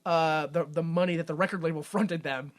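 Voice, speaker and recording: Podcast co-host, male, high voice, sarcastic comic recap delivery. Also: steady tone, a little fast. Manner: joking, sarcastic, laughs at own bits. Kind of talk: comedic movie recap chat.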